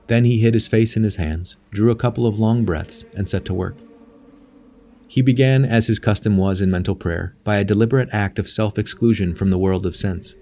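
A man narrating a novel aloud in a measured, even way. His voice sits slightly low for a man. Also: slight background noise. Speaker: audiobook narrator. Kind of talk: scripted narration.

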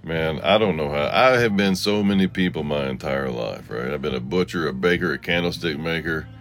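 A man hosting a solo podcast in a rambling, confessional way. He swings between low murmurs and sarcastic outbursts, and he answers listener comments. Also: brisk, a bit bright, soft background music. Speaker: podcast host.

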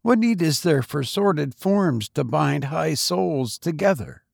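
A man's voice: animated, a little slow, vocal fry, no echo, clean studio sound, exaggerated voice. A man voicing an idealistic young male student who speaks earnestly and urgently. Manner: earnest, high-pitched pleading.

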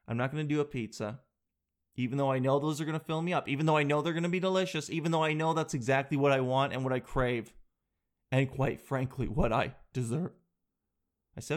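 A man in his thirties telling a self-deprecating comic story in casual chat, with lots of animated quoted voices. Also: on the high side, a little fast.

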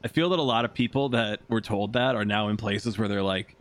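A man's voice: lowish voice, brisk. A man hosting a podcast, asking rambling questions in a loose, casual way. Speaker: podcast host. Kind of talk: casual interview chat.

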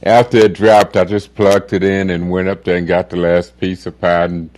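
A man talking as a guest in a casual chat, halting with many fillers and soft laughs. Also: low-pitched, little pitch movement.

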